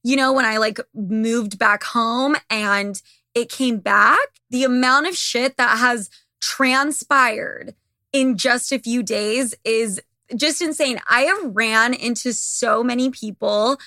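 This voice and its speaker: Bright, profane young woman podcaster. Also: a little high, takes it slowly, dry recording, clean studio sound. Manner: blunt, profane, gossipy. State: losing her voice. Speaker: podcast host. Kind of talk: casual monologue to listeners.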